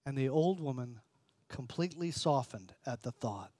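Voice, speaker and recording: A male pastor reads a story aloud and preaches a sermon in a measured, earnest way, slowing down and softening his voice for emphasis. His voice is mid-range and expressive, and there's no echo.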